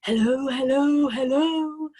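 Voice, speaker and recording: A woman's voice: high-pitched, warm tone, pitched above the performer's own voice. A woman voicing a talking parrot from a storybook, squawking greetings and mimicking a spooky voice. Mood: squawky. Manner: squawky repeated greetings, eerie slow whisper. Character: chattering blue and yellow parrot, mimicking voices.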